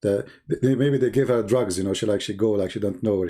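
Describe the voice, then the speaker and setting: A man's voice: lowish voice, a little fast, hardly any pauses, mellow, husky. A man hosting a live stream, talking in sarcastic, mocking rants in non-native English and arguing as if he were his opponents.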